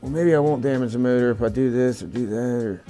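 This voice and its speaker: Casual hobby vlogger, a man of middle pitch who grumbles and curses while he works. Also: fast talker, warm tone, faint music behind. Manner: frustrated, swearing, muttering to himself. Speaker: FPV drone hobbyist vlogger. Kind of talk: casual talk while working.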